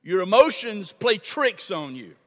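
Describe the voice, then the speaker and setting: A man's voice: sits high, sing-song, a little slow, fairly bright tone. An older man preaching a sermon in a church, repeating phrases and calling the congregation to answer back. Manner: call-and-response preaching, repeats phrases for emphasis. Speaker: pastor. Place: church sanctuary. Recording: long hall reverb.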